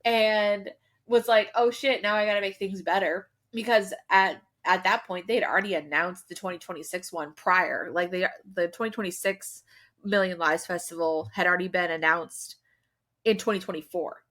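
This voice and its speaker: A woman co-host in a relaxed podcast chat. She talks emphatically and loosely, packing her sentences with "like" and slangy asides. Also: on the low side, moderate pace. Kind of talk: casual chat.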